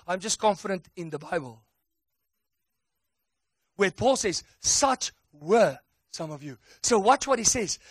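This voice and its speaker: A man preaching a sermon with emphatic call-and-response delivery that builds to excited shouts. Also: high voice, husky, dry recording, studio quality.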